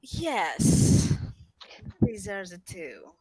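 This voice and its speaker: A woman's voice: extremely high pitch, huge pitch swings, very slow, gravelly, dark tone, dry recording, low-quality recording. A woman playing a tabletop game who narrates her character's actions in an easygoing way. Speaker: player. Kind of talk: tabletop game play over voice chat.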